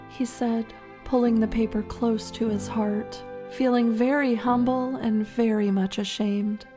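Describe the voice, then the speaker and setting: A woman narrating a historical story in a slow, measured, dramatic way. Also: on the high side, over music.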